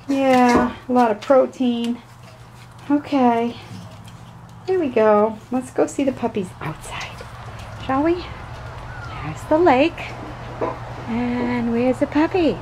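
A woman's voice: on the high side, noisy background. Woman cooing sing-song at her puppies. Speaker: dog breeder filming her puppies. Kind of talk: casual home video narration.

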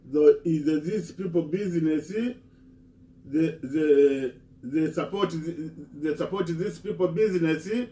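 Man, halting impassioned speech, mellow tone, distant echoey recording. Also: on the high side. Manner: halting, repeats words and restarts.

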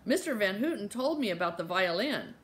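Casting: woman narrator as a sincere, soft-spoken kid, audiobook. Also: mid-range voice, sing-song, brisk, natural voice. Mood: earnest. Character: earnest, gentle violinist girl.

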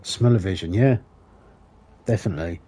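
A man's voice: deep voice, moderate pace, mellow, breathy edge. A man streaming a game, chatting casually with viewers, joking, rambling and swearing as he goes. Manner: joking, rambling, swears often, laughs at his own jokes. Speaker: gaming livestreamer. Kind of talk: casual livestream chat while playing.

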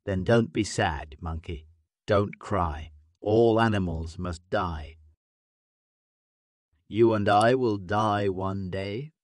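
A man voicing a big male lion who is proud, stern and quick to threaten, in a storybook tale for learners. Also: lowish voice, no echo, clean studio sound. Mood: questioning.

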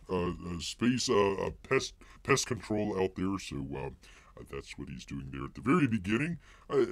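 Low-voiced rambling male stream host. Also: no room sound. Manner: rambling with many fillers, speaks of himself in third person. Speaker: livestream host reviewing comics. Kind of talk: casual live-stream chat.

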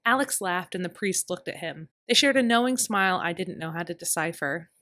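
Low-voiced woman narrating an audiobook. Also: expressive, pushed and bright, dry recording, studio quality. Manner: measured, storytelling. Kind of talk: first-person audiobook narration.

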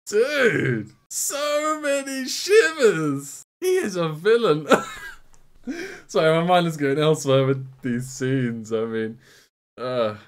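A young man reacting to a film, excitable and laughing often, talking casually over the scenes. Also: on the high side, takes it slowly, noisy background. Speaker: movie reaction host. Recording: film soundtrack playing behind.

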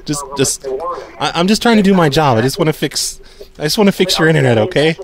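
A man making prank phone calls, acting hurt and complaining that he is being yelled at. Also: on the high side, lively intonation, fast talker, crowd noise. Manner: mock-emotional, whiny complaints. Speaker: prank caller.

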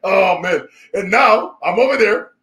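A man's voice: sits high, measured pace. A man from Brazil with a Brazilian Portuguese accent, hosting his own show and telling a motivational story with emphatic energy and frequent laughs. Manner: animated, laughing often, emphatic. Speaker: show host.

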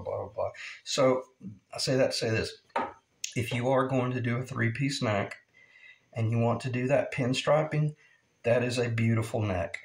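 A man who builds guitars, teaching in a casual, rambling way while he works, often repeating himself. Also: medium pitch. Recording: echoey workshop room.

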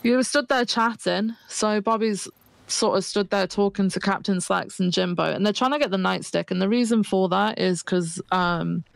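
A man speaking in character during a roleplay, rambling and restarting as he explains. His voice is gravelly yet smooth, and it sounds dry and close. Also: high-pitched, normal speed, a bit bright, no room sound.

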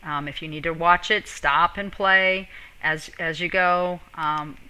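Bright-voiced teacher, a woman, walking through steps. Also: on the low side, fairly even intonation, a little slow, clean tone, rough recording. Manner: step-by-step instructional, addresses students directly. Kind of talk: screen-recorded software tutorial.

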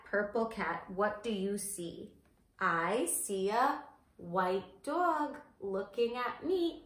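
A woman teacher reading a picture book aloud to young children in a slow, sing-song storytime voice, stopping to ask them questions. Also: mid-range voice, animated, fairly bright tone, roomy sound. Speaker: preschool teacher.

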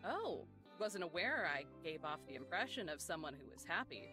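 A man's voice: fairly high pitch, very animated, moderate pace, music in the background. A man voicing a grumpy young woman park ranger with a dry, sardonic delivery.

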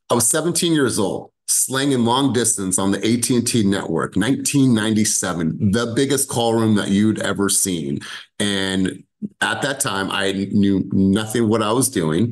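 Animated man coaching a sales team. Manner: animated, swears casually, acts out sales pitches. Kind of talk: energetic coaching talk.

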